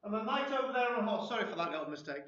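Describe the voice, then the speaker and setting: A high, bright-voiced man lectures in a chatty, self-deprecating way, drifting into anecdotes between points. The sound is roomy and a little dull, like a lo-fi recording of a talk in an echoing room. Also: sing-song, very fast. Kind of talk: informal lecture with audience chat.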